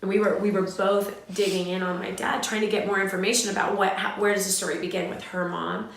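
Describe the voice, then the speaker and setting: A middle-aged woman from Southern California tells her story candidly, full of restarts and fillers, at an ordinary pitch. The room around her rings with strong echo. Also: flat delivery, fast talker, gravelly, slight background noise. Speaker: host. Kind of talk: emotional personal storytelling. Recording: very echoey room.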